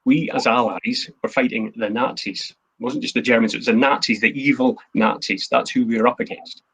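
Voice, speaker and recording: A man's voice: medium pitch, steady tone, a little fast, fairly bright tone, breathy edge, rough recording. A man, the host and a historian, giving an earnest, emphatic history talk from his notes. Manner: earnest, emphatic, quotes speeches in a plain voice.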